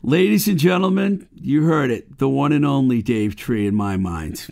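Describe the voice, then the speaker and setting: A man hosts a podcast in an easygoing, friendly manner, closing out the show. His mid-pitched voice carries a gravelly edge. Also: animated, normal speed, darkish tone. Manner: easygoing, wraps up and plugs sponsors. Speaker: podcast host. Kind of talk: casual chat.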